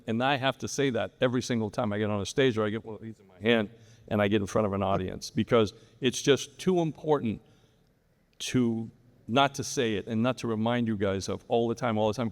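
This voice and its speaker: A man's voice: on the low side, vocal fry. A man on a live real estate panel, telling a long story with many restarts. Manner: rambling storyteller, frequent restarts. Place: large hall at a live event. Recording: reverberant hall sound.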